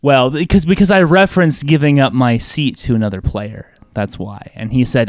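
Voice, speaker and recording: A man's voice: a little high, sing-song, normal speed, dry recording, clean studio sound. A man co-hosting a casual chat show, ranting with lots of profanity and mocking the people he quotes. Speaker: podcast co-host.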